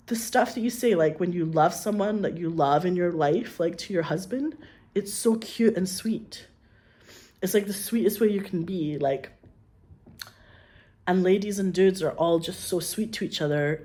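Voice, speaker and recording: A woman's voice: lowish voice, warm tone. A woman chatting in an interview, rambling and effusive, full of "like" and acted-out quotes. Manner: rambling and effusive, heavy on "like", acts out quoted voices. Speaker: filmmaker guest. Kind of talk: casual chat.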